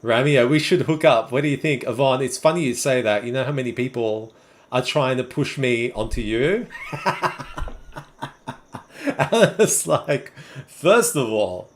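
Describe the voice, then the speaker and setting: A man's voice: mid-range voice, normal speed. A man in his twenties or thirties with a Sydney Australian accent, casually chatting with viewers on a live stream and answering their messages. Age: 20s or 30s. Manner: relaxed, chatty, answers chat messages one by one. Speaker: livestream host.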